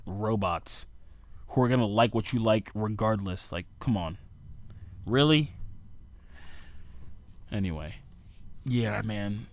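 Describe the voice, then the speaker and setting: A man's voice: mid-range voice, a bit bright. A tired young man, hosting a solo podcast and ranting sarcastically in a rambling way. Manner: sarcastic, rambling rant with frequent asides. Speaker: podcast host.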